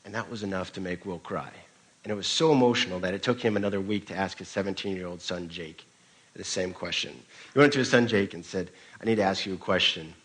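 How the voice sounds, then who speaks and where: A man's voice: low voice, fast, a bit bright, slightly rough, rough recording. A man preaching a sermon as pastor, telling a story in a conversational way with occasional restarts.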